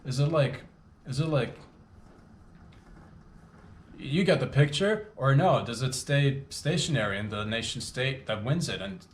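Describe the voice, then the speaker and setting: A man from Canada giving a rambling, animated comedic monologue full of jokey asides and sudden loud bursts. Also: medium pitch, a little slow, pauses often. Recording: roomy echo, faint background ambience.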